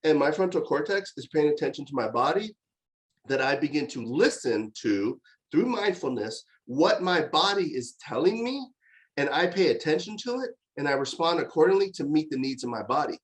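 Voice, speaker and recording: In a conversational university talk on parenting, a middle-aged man spins lively stories, often using fillers and starting over. He speaks at a moderate pace with a somewhat high voice, captured in low-quality audio.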